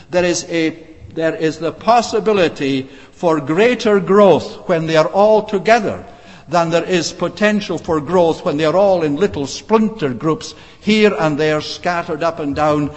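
Preacher, man, measured sermon delivery, slightly high voice, recorded in a reverberant church. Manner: measured preaching with frequent uh fillers and restarts. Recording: long reverb of a church hall.

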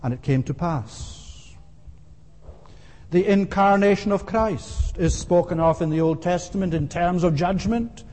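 A man preaching with a mellow, warm voice pitched a little high. He speaks earnestly and with emphasis, stopping now and then on an "uh" as he works through his point. His voice rings with a long reverb, as in a large hall. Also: a little slow. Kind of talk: sermon.

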